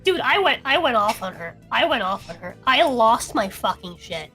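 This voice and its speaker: A woman's voice: on the high side, very animated, normal speed, bright, forceful tone, soft background music. A young woman, drunk and swearing heavily, ranting on a casual streamed podcast as co-host.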